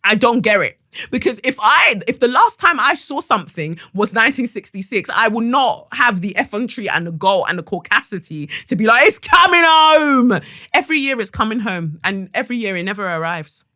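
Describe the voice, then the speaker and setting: A woman hosting a podcast and telling a story in a casual, animated, sarcastic way. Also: medium pitch, a little fast, dry recording, studio quality. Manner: animated and sarcastic, with acted-out quotes. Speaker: podcast host.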